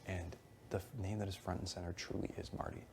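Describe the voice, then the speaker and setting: Low gravelly young man, heated retelling. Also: little pitch movement, fast talker, very noisy. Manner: rambling, heated retelling with quoted dialogue and swearing. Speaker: reality show houseguest. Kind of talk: casual one-on-one conversation.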